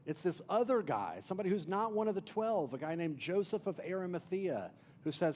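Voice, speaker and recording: A man pastor preaching a sermon as an emphatic storyteller, swinging from loud to near-hushed. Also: sits high, expressive, normal speed, slight background noise. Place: church.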